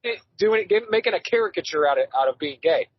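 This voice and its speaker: High pitched guy, kinda husky, animated casual talk, muffled dry mic. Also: fast, no room sound. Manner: animated, swears freely. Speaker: podcast co-host. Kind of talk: casual chat.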